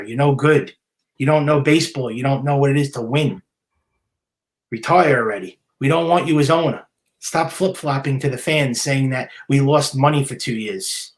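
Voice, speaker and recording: A man hosting a solo sports podcast, ranting in a heated, indignant way, repeating himself and stumbling over restarts. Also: medium pitch. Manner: heated, repetitive, stammering restarts; indignant, scolding. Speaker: podcast host.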